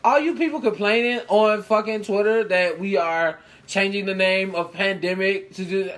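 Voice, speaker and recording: A woman trades blunt, profane jokes with her co-host. Her voice sits at an ordinary middle pitch, and she talks in a loose, casual way. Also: normal speed. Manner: blunt, joking, profane banter. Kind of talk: casual chat.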